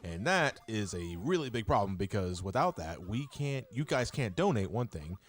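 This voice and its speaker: A man hosting a charity live stream, explaining things in a rambling, halting way with many fillers. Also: lowish voice, big pitch swings. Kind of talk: casual live-stream talk. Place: room with a multi-mic radio-style setup.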